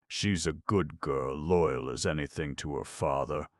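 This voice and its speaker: Storybook gent: man playing a gruff, blunt friend; very deep, dry. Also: measured pace, no echo. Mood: murmuring.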